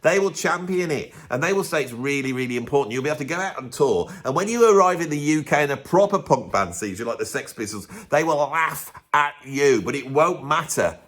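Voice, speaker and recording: A man's voice: a little high, animated, fairly quick, few pauses, a bit bright. A man hosting a music channel, delivering a grumpy, emphatic, opinionated rant to camera in a casual way. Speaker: music video host.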